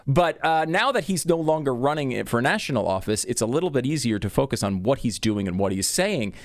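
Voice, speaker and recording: A man guest commentator on a political talk show, exasperated and halting, restarting his sentences often. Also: medium pitch, big pitch swings, no room sound, clean studio sound.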